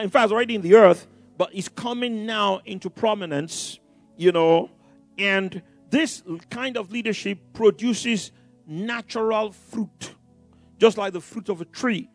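A man's voice: high-pitched, unhurried, soft background music. A man preaching a sermon, rallying his congregation with bursts of emphasis and stumbling through many fillers and restarts.

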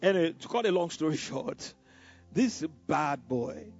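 A man's voice: a little high, lively intonation, normal speed, a little mellow. A male pastor preaching a sermon, telling a story with many "you know" asides and stammered repeats. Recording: dull lo-fi sound with faint music.

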